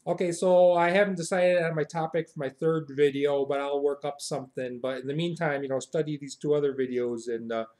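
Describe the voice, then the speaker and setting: A man's voice: fairly high pitch, steady tone, a little fast, hardly any pauses, a little mellow. An American man hosting a satirical phrase lesson in a chatty, mock-boastful way. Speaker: satirical video host.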